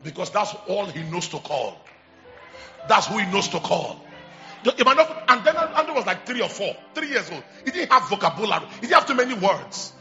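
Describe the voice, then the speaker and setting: A middle-aged man with a Nigerian English accent, preaching a charismatic sermon with loud call-and-response and repetition. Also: high-pitched, very animated, brisk, gravelly, muffled recording, soft background music. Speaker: bishop preaching.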